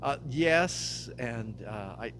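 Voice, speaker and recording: A man's voice: mid-range voice, expressive, takes it slowly, a bit bright. An older man, a pastor, talking casually in an interview, easygoing and laughing often. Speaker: pastor guest. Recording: audible background hum.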